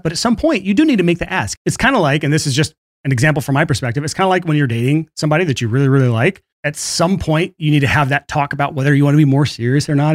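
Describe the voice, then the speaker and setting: Fast-talking male podcast host. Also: a little high, no room sound, studio quality. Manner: brisk, casual, laughs between points. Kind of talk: solo podcast monologue on marketing.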